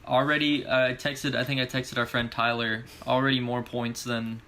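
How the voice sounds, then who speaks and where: A man's voice: mid-range voice, level tone, normal speed, bright, forceful tone. A young man co-hosting a casual sports podcast, laid-back, laughing easily and rattling off stats. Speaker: podcast co-host.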